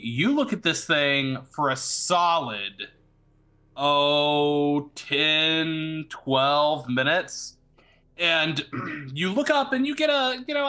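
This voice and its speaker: Bright-voiced rambling game master man. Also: on the high side. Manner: rambling, searches for words with many fillers. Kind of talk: narrating a tabletop game.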